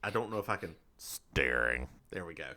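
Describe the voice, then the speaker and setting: A man's voice: deep voice, sing-song, moderate pace, pushed and bright. A man co-hosting a podcast, recapping a TV episode in a playful, jokey way. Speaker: podcast co-host. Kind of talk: casual recap chat.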